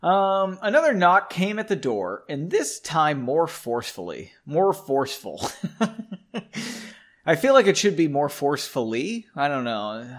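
Male podcast host, reading his own fiction aloud; wry asides, animated pitch. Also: a little slow. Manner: self-interrupting, wry, rereads lines in new voices. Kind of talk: casual reading with joking asides.

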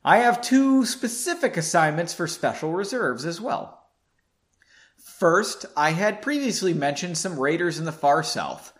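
A man voicing a calm, businesslike male mage handing out assignments. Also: on the high side, unhurried.

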